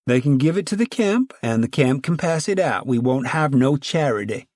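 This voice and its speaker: A man's voice: mid-range voice, expressive, normal speed, a little mellow, no room sound, pitched above the performer's own voice, natural voice. A man voicing a stern woman who helps run a migrant camp, firm and plain-spoken, in a storybook reading.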